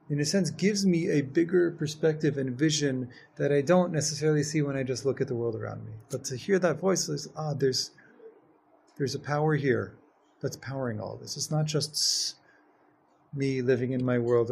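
A man teaching a Jewish text class, reading Hebrew passages quickly and then explaining them, often building to emphatic, stressed phrases. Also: mid-range voice, vocal fry, darkish tone, a little hiss or hum. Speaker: Torah teacher.

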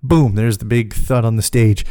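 A man hosting a podcast, telling a comic personal story in a profane, animated way, laughing as he goes. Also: medium pitch, moderate pace, no echo, clean studio sound. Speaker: podcast host.

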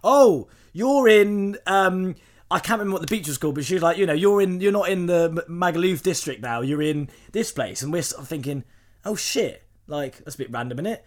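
A young man, telling a story on a podcast with animated laughter and acted-out quotes. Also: fairly high pitch, quick pace. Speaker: podcast co-host. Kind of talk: casual storytelling chat.

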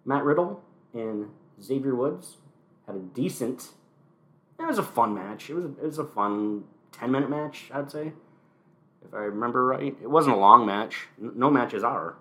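A man's voice: mid-range voice, lively intonation, moderate pace, fairly bright tone. A man hosting a casual solo wrestling recap podcast, talking with wry, sarcastic asides, recorded at home. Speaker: podcast host.

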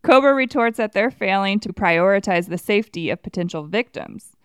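A woman podcast co-host recaps a film's plot in a wry, brisk way. Her voice is smooth and clear, and the recording is dry and close. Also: mid-range voice, lively intonation, no echo.

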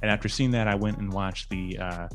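A man's voice: on the low side, steady tone, a little fast, soft background music. A man co-hosting a casual podcast chat, rambling with many fillers and restarts. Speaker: podcast co-host.

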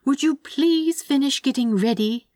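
A woman's voice: medium pitch, very animated, moderate pace, dry recording, studio quality. A woman reading aloud and voicing a fussy, doting male angel who tuts primly and stays unbothered. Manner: prim, tutting, affectionate.

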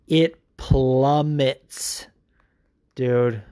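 A man's voice: medium pitch, fairly even intonation, very slow, warm tone, smooth, no room sound. A young man hosting a podcast, chatting casually and answering listener messages, rambling and cursing as he goes. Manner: rambling and profane, swings from mumbling to hyped. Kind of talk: casual chat.

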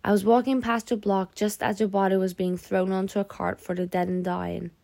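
A woman voicing a kindly older French man, a prisoner who speaks calmly and gently in an audiobook. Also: high-pitched, vocal fry, no room sound. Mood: gentle. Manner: calm, kindly, measured. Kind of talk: audiobook character voice.

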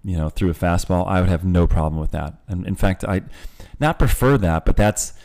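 A man's voice: sits low, normal speed, gravelly, darkish tone. A man co-hosting a podcast, speaking candidly and thoughtfully in long winding sentences. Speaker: podcast co-host. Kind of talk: casual podcast chat.

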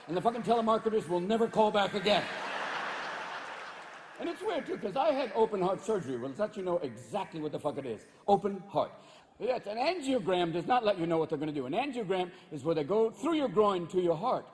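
A man's voice: sits high, big-room sound. A male stand-up comedian performing live, manic and profane, jumping into voices. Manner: manic, swearing, leaps into voices. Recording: live stand-up with crowd laughter and noise.

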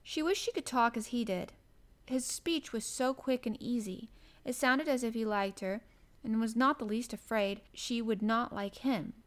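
A woman narrating a classic children's novel aloud in a gentle, even storybook manner. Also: a little high.

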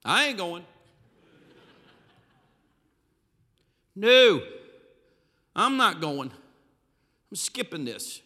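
A man voicing a rough, reluctant shepherd with a stubborn, rustic way of talking, in a reverberant hall. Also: high-pitched, very animated, slow, bright, forceful tone, heavily acted. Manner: rustic drawl, stubborn and complaining. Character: rough-spoken reluctant male shepherd, plainspoken.

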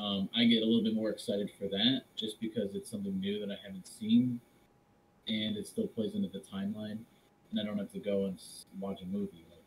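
A man's voice: lowish voice, slight background noise, low-quality recording. A man co-hosting a podcast in casual chat, talking hesitantly with lots of fillers and restarts. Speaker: podcast co-host.

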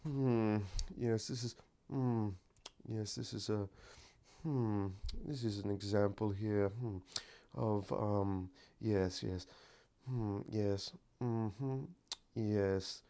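A man voicing a pompous British public-radio intellectual, murmuring slow, hushed approval in a put-on British accent. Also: on the low side, steady tone. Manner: slow, hushed, drawn-out "hmm, yes" murmurs. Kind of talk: mock intellectual impression.

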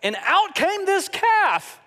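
A preacher voicing a sheepish grown man who rushes out a lame excuse in a high, whiny voice. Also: very animated, sharp tone, exaggerated voice.

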